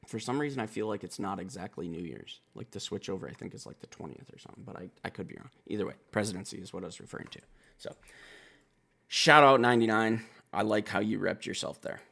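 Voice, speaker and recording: Gravelly low-voiced man reviewing rap. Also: expressive, fast talker. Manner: rambling, profane, thinks out loud. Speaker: music reaction reviewer. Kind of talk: casual reaction commentary.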